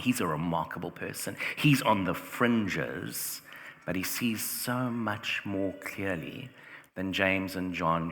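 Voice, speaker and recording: A deep-voiced man delivers a sermon with a forceful, bright edge to his speech. He talks conversationally and leans on "like" and rhetorical questions. The sound rings with the long reverb of a church hall. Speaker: preacher.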